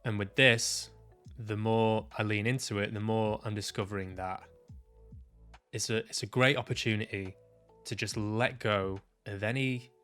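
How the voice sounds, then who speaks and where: A man vlogging about his own experience, reflective and halting, often restarting his sentences and swearing casually. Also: on the low side, steady tone, a bit bright, clean tone, faint music behind. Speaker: vlogger sharing personal experience. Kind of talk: reflective personal vlog monologue.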